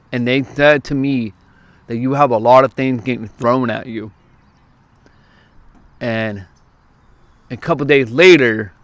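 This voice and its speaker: A man's voice: mid-range voice, dry recording. Man telling a story at a park. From California. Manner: lively, quick bursts, acts out quoted lines. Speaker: youth preacher. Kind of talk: casual storytelling to camera. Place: outdoors at a park.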